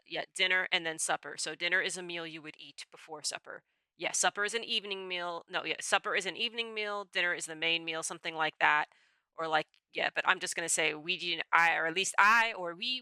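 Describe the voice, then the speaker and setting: A woman's voice: fairly low pitch, bright, forceful tone, smooth, no room sound. A woman streamer chatting casually as she takes a quiz, thinking aloud, rambling and often correcting herself. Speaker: VTuber streamer. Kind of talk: casual chat while taking a quiz.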